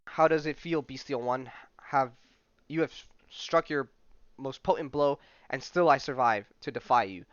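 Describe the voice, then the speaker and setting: A man's voice: mid-range voice, a little slow, no room sound, lightly acted. A man voicing a proud male undersea prince who talks in lofty, archaic phrases, in a dull, dry recording. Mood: defiant.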